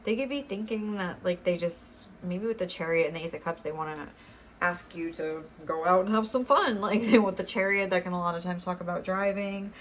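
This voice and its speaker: A woman's voice: fairly low pitch, fairly quick, a little hiss or hum. Chatty young woman reading tarot. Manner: chatty, many fillers, laughs often. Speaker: tarot reader.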